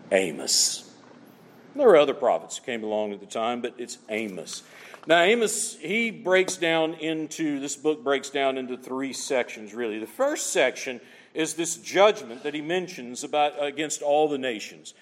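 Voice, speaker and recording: Male pastor, slightly high voice, animated preacher, long hall reverb. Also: a little slow. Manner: animated preaching, rhetorical questions, reads scripture aloud. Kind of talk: sermon.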